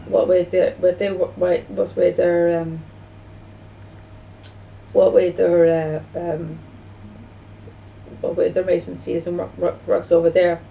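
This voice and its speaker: A woman vlogging in a gravelly, dark-toned voice. She rambles, circles back and repeats herself, often restarting her sentences. The mic sits a distance away, with a faint hum of background noise. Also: on the low side, flat delivery, slow, long pauses, lo-fi sound. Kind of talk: casual home video talk.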